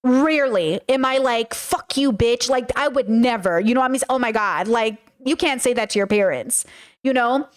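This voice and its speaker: A woman streamer chatting casually with her live chat, loud and excitable, a self-described yell talker. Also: on the high side, moderate pace. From grew up in a Middle Eastern home. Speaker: streamer reacting to a video.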